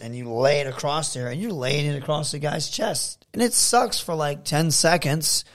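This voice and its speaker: A man from Michigan talking as a guest on an interview show, telling casual stories in an animated way. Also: a little high, moderate pace, hardly any pauses. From Saginaw, Michigan, USA. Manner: animated, acts out quotes in a raised voice. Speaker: guest, professional wrestler.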